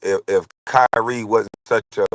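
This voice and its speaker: A man's voice: on the low side, fairly even intonation, a little slow, a bit bright, dry recording, low-quality recording. A man in his forties hosting a casual commentary show, talking in a blunt, rambling and heated way. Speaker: show host.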